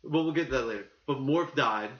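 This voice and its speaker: A man co-hosting a casual podcast, talking in an animated, rambling way and acting out the quotes he tells. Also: medium pitch, a little fast. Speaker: podcast co-host. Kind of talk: casual chat. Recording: muffled, echoey room.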